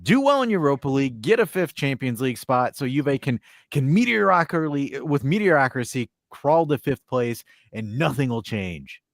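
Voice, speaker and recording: A man's voice: medium pitch, very animated, moderate pace, few pauses, no echo, studio quality. A man co-hosting a casual sports podcast, talking brash, profane trash talk. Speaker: podcast co-host.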